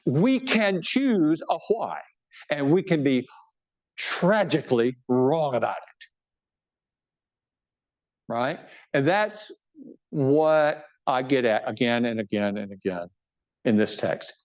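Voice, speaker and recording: A man's voice: mid-range voice, lively intonation, takes it slowly, pauses often. A man, a bishop, giving an informal book talk to a live audience, conversational and joking, often checking in with his listeners. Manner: self-deprecating humor.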